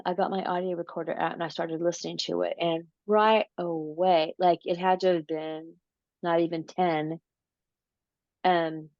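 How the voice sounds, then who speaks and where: A woman guest in an interview, telling a personal story in a casual, animated way, often repeating words and acting out what she said. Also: fairly low pitch, dry recording, dull audio. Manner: animated, repeats words, acts out her own quotes.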